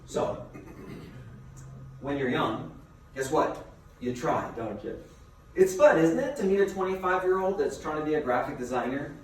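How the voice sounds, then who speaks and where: A man giving a motivational seminar as a business coach, a lively storyteller who asks his listeners rhetorical questions. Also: medium pitch. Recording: very echoey room, mic far off, faint noise.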